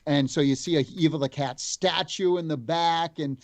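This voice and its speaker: A man, a game developer guest, telling stories in casual chat, animated and full of restarts. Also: on the high side, moderate pace, dry recording.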